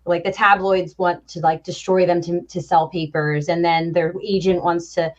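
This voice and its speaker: A middle-aged woman chats as a podcast guest in a lower voice. She rambles and fills her talk with restarts. The sound is slightly dull and lo-fi. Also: steady tone, normal speed. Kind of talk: casual chat.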